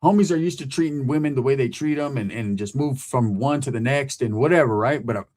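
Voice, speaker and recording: A man tells a story from his past in loose street slang, his voice sitting at an ordinary middle pitch. He talks like a host chatting to his audience and keeps checking in with a quick "right?". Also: darkish tone. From California. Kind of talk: casual storytelling.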